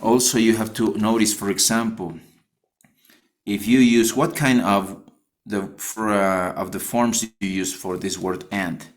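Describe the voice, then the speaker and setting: A male teacher with a Spanish accent walks his class through a phonetics assignment. His voice sits low and his delivery is slow and careful. He restates and corrects his own phrasing as he explains. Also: steady tone. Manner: repeats and rephrases himself while explaining.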